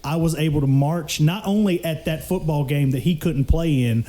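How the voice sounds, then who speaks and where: A young man telling animated, profane stories in a casual podcast chat, laughing often. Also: on the high side, normal speed. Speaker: podcast co-host.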